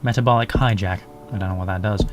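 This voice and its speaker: A man's voice: lowish voice, fairly even intonation, fast talker, highs cut off, a little hiss or hum. A young man casually commenting while he plays a game, rambling, swearing and poking fun at himself. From England. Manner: rambling, sweary, self-mocking. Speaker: gaming YouTuber. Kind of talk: casual let's play commentary. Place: home, English countryside.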